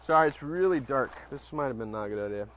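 A man's voice: medium pitch, animated, fast, a bit bright, slight background noise. A man preaching casually, reading Bible passages aloud, often stumbling over words and adding chatty asides to his listeners. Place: outdoors at night near a porch. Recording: dull lo-fi recording.

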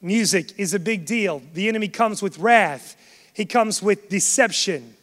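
A man's voice: sits high, a little slow, fairly bright tone. A man preaching a sermon to a congregation, emphatic and swelling in force. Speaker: pastor. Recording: long hall reverb.

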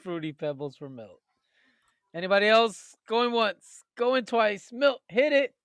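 A man's voice: sits high, big pitch swings, unhurried, fairly bright tone, smooth, no room sound. A man hosting a casual group voice chat, running a cereal tournament with a teasing, chatty manner and frequent laughter, speaking into a headset on a call.

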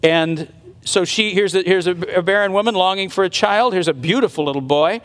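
High-voiced preacher man in a reverberant hall. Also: a little fast, a bit bright. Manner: earnest storytelling that dramatizes and speculates aloud. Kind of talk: sermon retelling a Bible story. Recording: long reverb of a large hall.

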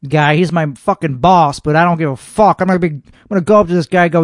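A man's voice: fairly high pitch, fast, dry recording, clean studio sound. A young man hosting a podcast, ranting in a boastful, irritable way and swearing constantly. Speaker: podcast host reacting to a show. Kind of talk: profane comedic rant.

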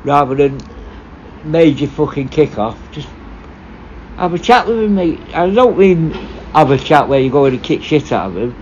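A former prison officer telling stories casually, blunt and full of swearing, rambling and restarting. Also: male voice, on the high side, expressive, normal speed, darkish tone, muffled recording, a little hiss or hum. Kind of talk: casual storytelling.

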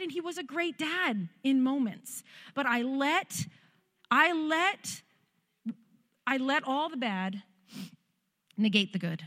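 A woman pastor giving an emotional sermon, telling a personal story with loud emphasis and tearful near-whispers. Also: high-pitched, animated, unhurried, long pauses, in a large hall.

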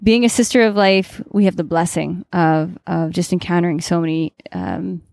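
Low-voiced chatty religious sister. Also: female voice, normal speed, gravelly, dry recording, clean studio sound. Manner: animated storyteller, big jumps into quoted voices. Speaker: podcast co-host, religious sister. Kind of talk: casual chat and prayer.

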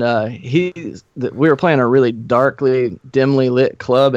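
A man's voice: mid-range voice, no room sound. A man who plays in a band, guest on a podcast, telling loose, profane stories and acting out the voices of people in them. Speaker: guest musician. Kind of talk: casual storytelling chat. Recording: dull, muffled podcast audio.

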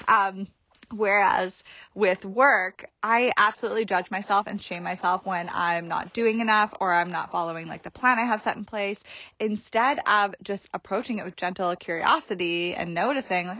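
A woman hosts her own podcast and talks to listeners in a loose, chatty way, with lots of "um" and "like" and frequent laughter. Her voice sits at an ordinary pitch. The recording is dry and slightly muffled. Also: moderate pace, a bit bright, dry recording. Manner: chatty, filler-heavy, laughs often. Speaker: podcast host. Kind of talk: casual solo podcast monologue.

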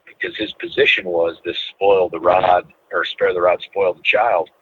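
A middle-aged man, a former prosecutor, telling a case story in a measured, deliberate way during an interview. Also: deep voice, a little hiss or hum. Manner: measured, deliberate, stretches words for emphasis. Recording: tinny phone-like line.

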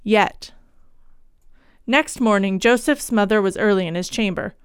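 A woman narrating a period ghost story in a measured storytelling voice, on a close mic. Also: medium pitch, clear, resonant tone, no echo. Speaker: audiobook narrator.

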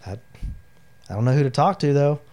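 A man's voice: a little high, expressive, a little fast, darkish tone. A middle-aged man, an army veteran, telling his personal story in an interview, candid and emotional, with lots of "you know" fillers. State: near tears.

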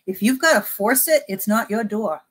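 A middle-aged woman, a psychic medium, chatting in an interview and acting out both sides of remembered conversations with lively energy. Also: medium pitch, normal speed, husky. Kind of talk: casual interview storytelling.

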